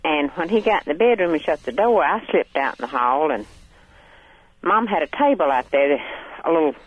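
Older lady calling in, chatty, laughs a lot, high lively voice, tinny phone line. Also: moderate pace, husky. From Hartwell, Georgia, USA. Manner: chatty, laughs often while telling a story. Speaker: radio caller. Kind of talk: casual storytelling on a call-in show.

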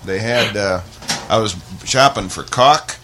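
A man's voice: fairly low pitch, measured pace, heavy background noise. A man in his forties telling a rambling, self-deprecating comic story and chuckling along the way. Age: 40s. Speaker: comedian. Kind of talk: stand-up comedy storytelling.

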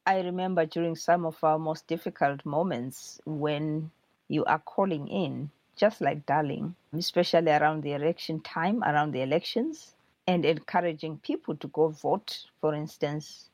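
A woman's voice: low voice, moderate pace, a little mellow, no room sound. A woman author answering questions thoughtfully, often restarting her sentences.

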